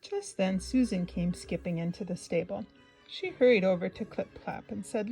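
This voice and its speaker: A woman reading a children's picture book aloud in a gentle, expressive way, pausing for asides to the young listener. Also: mid-range voice, soft background music, low-quality recording. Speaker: storybook reader.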